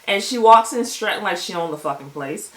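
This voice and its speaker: A woman recapping a TV episode in a casual vlog, with animated, profane storytelling. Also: medium pitch, fairly quick, echoey room. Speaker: TV show reviewer.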